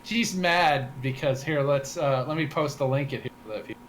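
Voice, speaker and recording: A man's voice: mid-range voice, moderate pace, slight background noise. A man co-hosting a casual podcast, joking around and easily flustered. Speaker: podcast co-host.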